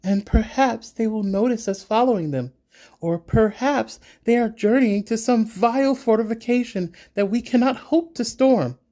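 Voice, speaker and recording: A woman's voice: lowish voice, lively intonation, unhurried, mellow, voice pushed up. A man voicing a fierce, vengeful young woman warrior who speaks in a seething, scornful and insistent way.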